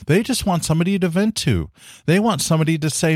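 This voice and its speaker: A man's voice: a little high, quick pace, darkish tone, no echo, studio quality. A man hosting his own podcast in casual solo talk, earnest and encouraging, with many fillers like "you know.". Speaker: podcast host.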